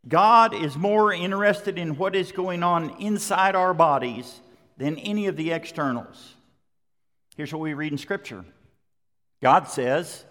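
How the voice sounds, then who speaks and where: A man's voice: a little high, normal speed, a bit bright. A middle-aged man preaching a sermon, conversational yet emphatic, driving points home with repetition. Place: large church sanctuary. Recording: long hall reverb.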